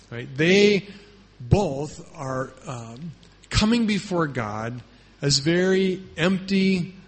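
A man's voice: on the high side, fairly bright tone, slightly rough. A man preaching a sermon in a conversational way, often checking in with "right?" and acting out quotes with emphasis. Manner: emphatic, acts out quotes in raised voice. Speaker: pastor.

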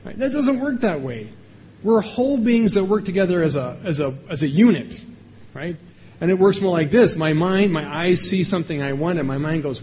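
A man's voice: a little high, fairly quick, darkish tone, slight background noise. A man preaching a sermon in a conversational way, asking his listeners questions and acting out little voices to illustrate. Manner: conversational, asks the audience questions. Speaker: pastor.

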